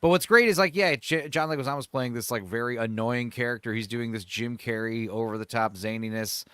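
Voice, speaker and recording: A man hosting a casual chat show, talking about films in a rambling, animated way with lots of fillers and laughs. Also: medium pitch, fairly quick, clear, resonant tone, no echo. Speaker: host.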